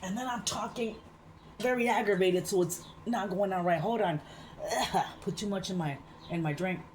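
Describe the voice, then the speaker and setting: A woman's voice: mid-range voice, darkish tone, slight background noise. A woman vlogger giving heated, profane reaction commentary, sipping a drink as she talks. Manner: profane, fast-rising ranting; drinking beer while talking.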